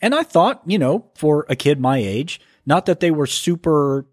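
A man's voice: on the high side, expressive, moderate pace, darkish tone, no echo, clean studio sound. A man hosting a podcast, reading listener mail aloud and commenting on it in a casual monologue. He often stumbles and restarts when he reads. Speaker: podcast host. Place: home.

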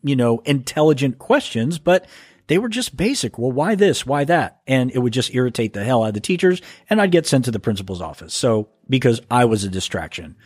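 A man's voice: mid-range voice, very animated, fairly quick, darkish tone, no echo. A man hosting a podcast, reading listener mail aloud and commenting on it in a casual monologue. He often stumbles and restarts when he reads. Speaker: podcast host. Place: home.

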